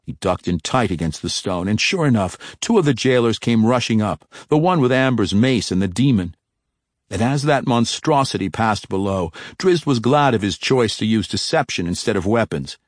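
A man narrating a fantasy audiobook in a measured, steady storytelling manner on a close mic. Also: fairly low pitch, dry recording.

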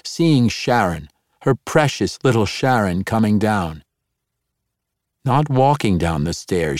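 Low-voiced male audiobook narrator. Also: darkish tone, no room sound, studio quality.

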